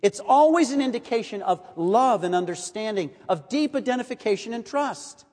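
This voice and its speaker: A man preaching a sermon in a measured, earnest way, reading and explaining scripture. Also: very high-pitched, lively intonation, a little mellow. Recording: long hall reverb.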